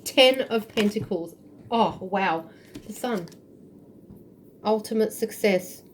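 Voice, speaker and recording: A woman's voice: mid-range voice, slow pace, long pauses. A woman giving an intuitive tarot reading to camera, earnest and emotional, often searching aloud for the right word. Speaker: tarot reader.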